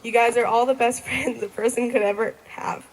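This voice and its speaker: A woman's voice: fairly high pitch, fairly even intonation, brisk, rough recording. A young woman in her late teens giving a graduation thank-you speech, giggling often between sentences. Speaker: graduating student.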